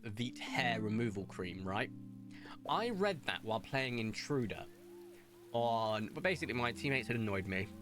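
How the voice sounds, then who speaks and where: Young male streamer, rambling and animated, lively pitch, soft music underneath. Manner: chatty, rambling, animated storytelling. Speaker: game streamer. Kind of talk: casual gameplay commentary.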